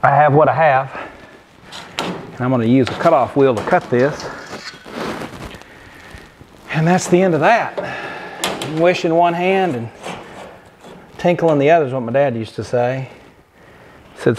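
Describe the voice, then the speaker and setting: Slight background noise accompanies a mid-range male voice. He's a home car builder, out of breath, bantering in a folksy, humorous way as he works on the car in his garage for a relaxed workshop tutorial.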